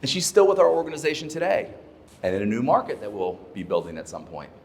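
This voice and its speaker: A man's voice: mid-range voice, sing-song, fast talker. A man giving a keynote talk to a live audience, telling a story with emphatic repetition of his key points. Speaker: leadership speaker. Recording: long hall reverb.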